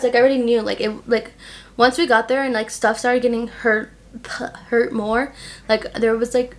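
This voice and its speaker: A young woman vlogger telling a personal story casually while doing her makeup, filling her talk with "like" and retelling what people said in an animated way. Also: on the high side, normal speed. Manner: chatty, heavy use of "like", animated retelling. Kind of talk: casual get-ready-with-me storytelling.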